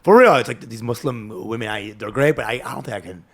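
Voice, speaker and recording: Animated, laughing man telling stories. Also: medium pitch, fast talker, breathy edge. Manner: animated, laughs often, swears freely. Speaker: podcast guest. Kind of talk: casual comedic storytelling.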